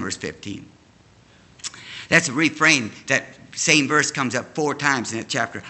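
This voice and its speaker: A man's voice: mid-range voice, sharp tone. An older man from an Amish background, giving a folksy storytelling testimony as a guest preacher in a church. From Amish community. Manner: folksy storytelling, addresses the congregation. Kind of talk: sermon testimony.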